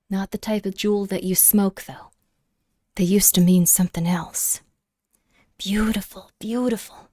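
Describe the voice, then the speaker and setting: A woman streamer chatting casually during an unboxing, gushing with excitement and often slipping into a half-whisper. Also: mid-range voice, measured pace, pauses often. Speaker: VTuber streamer.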